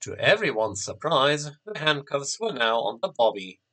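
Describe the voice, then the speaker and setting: A man narrating a storybook in a slow, expressive reading. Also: medium pitch.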